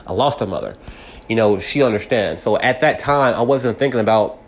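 A man's voice: lowish voice, animated, fairly quick. A man in his thirties talking through a personal story in a rambling way, full of restarts and fillers. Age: 30s. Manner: grows heated and agitated when angry. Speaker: podcast host. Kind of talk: personal reflective monologue.

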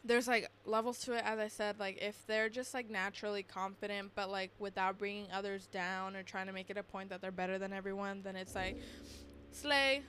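A young woman co-hosting a podcast in casual chat, relaxed and chatty. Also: mid-range voice, a little fast, slight background noise. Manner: laid-back, chatty, laughs along. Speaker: podcast co-host.

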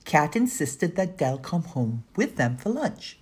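Breathy, low-voiced woman narrating a children's book. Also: very animated, unhurried, a little mellow. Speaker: audiobook narrator.

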